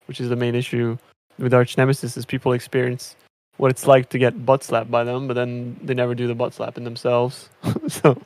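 A man's voice: medium pitch, monotone, brisk, darkish tone, no room sound. Casual male gamer, rambles with fillers, dry close sound. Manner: rambling, many fillers and restarts. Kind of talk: casual gaming chat.

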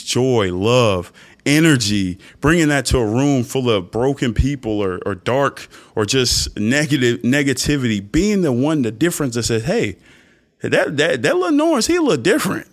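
A young podcast host gives an earnest, preachy motivational talk rooted in faith, frequently leaping into high mock voices to make a point.

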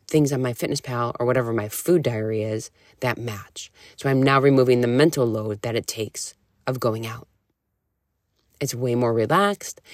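A woman in her thirties, a podcast host and nutrition coach, talking in a candid, animated way, full of "like" and casual swearing. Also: a bass voice, no room sound, clean studio sound. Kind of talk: casual solo podcast talk.

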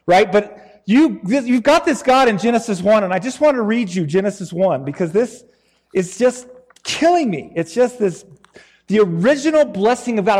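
High-voiced, joking male preacher. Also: long reverb tail. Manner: animated, joking and conversational. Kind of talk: sermon.

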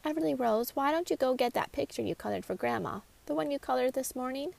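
A woman voicing a gentle, protective mother and art teacher who speaks reassuringly. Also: high voice, expressive, fast, vocal fry, pitched above the performer's own voice, full character voice. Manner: soothing and reassuring.

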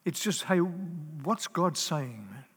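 A man with a slightly high voice preaches earnestly from the front of a church. He presses his points with lists and repeated words, and his voice rings with the long echo of a large hall. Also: lively intonation, slow pace, husky. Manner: earnest, emphatic, with lists and repetitions. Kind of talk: sermon. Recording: live in a large reverberant hall.

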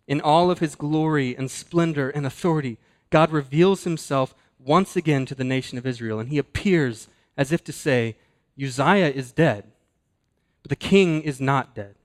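A man preaching a sermon, earnest and deliberate, slowing down and dropping his voice to stress key words. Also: mid-range voice. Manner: earnest, slows and drops to a hush for emphasis. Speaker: pastor.

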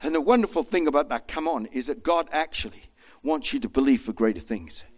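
A man preaching a sermon with an animated manner, acting out voices as he tells the story. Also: mid-range voice, brisk, slightly rough. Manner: animated, acts out voices in quotes.

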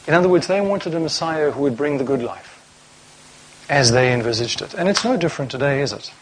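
A man's voice: on the high side, expressive, brisk, low-quality recording. A man preaching a sermon to a congregation, reading scripture aloud and asking rhetorical questions.

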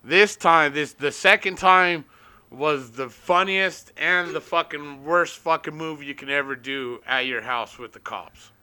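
Young guy, slightly high voice, crisp and bright; loose, profane, rambling party-story delivery. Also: unhurried. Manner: swears constantly, rambling, laughs at his own story.

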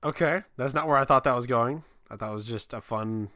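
A man's voice: medium pitch, a little fast, sharp tone, no echo, clean studio sound. A man co-hosting a podcast, trading wry, teasing jokes in casual banter. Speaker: podcast co-host.

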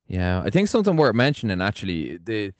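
A man's voice: on the low side, sing-song, a little fast, no room sound. A man from Ireland recapping a football campaign in casual podcast chat, thinking aloud. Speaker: podcast co-host.

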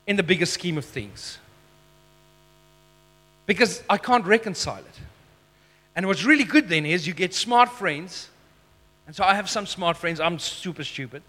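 A man preaching a sermon as pastor, emphatic, slowing down for key phrases, with self-deprecating asides. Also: high voice, sharp tone, big-room sound.

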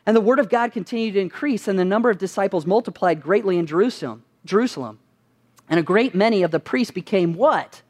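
A man's voice: high-pitched, expressive, quick pace. A man preaching a sermon as pastor, asking his listeners rhetorical questions and answering them with emphasis.

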